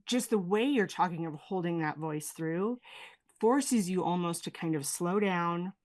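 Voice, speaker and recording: A woman speech therapist explains her techniques on a podcast with earnest detail. Her voice is slightly low. She talks in a warm explanatory way. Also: unhurried. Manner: explanatory, earnest, playfully demonstrative. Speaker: speech-language pathologist, guest. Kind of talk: casual conversational interview.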